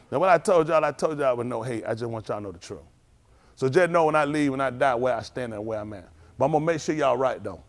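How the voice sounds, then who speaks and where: A middle-aged man preaching on a livestream, telling street stories and acting out the dialogue while scolding his listeners. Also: sits high. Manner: animated storytelling, acts out dialogue, scolding the audience.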